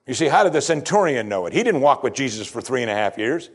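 A man preaching a sermon, animated, acting out the quoted speakers and swinging between loud emphasis and hushed lines. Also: mid-range voice, fast talker, husky. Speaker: pastor.

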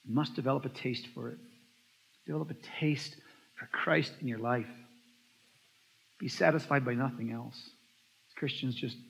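A man's voice: mid-range voice, normal speed, vocal fry, long pauses, husky. A man preaching a sermon as a pastor, telling stories and acting out the voices of the people in them. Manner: animated storytelling, acts out quoted voices. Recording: dull lo-fi sound in a long-echo hall.

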